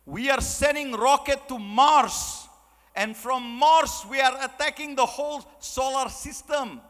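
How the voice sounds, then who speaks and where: A man voicing a smug Russian man in slow, broken English with a put-on movie-style Russian accent. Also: extremely high pitch, fairly bright tone, long reverb tail, pitched above the performer's own voice. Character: smug male Russian schemer.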